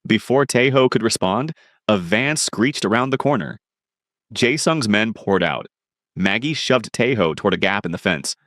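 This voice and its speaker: A man's voice: fairly low pitch, big pitch swings, normal speed, a bit bright, no room sound, clean studio sound. A man narrating a dramatic crime romance story.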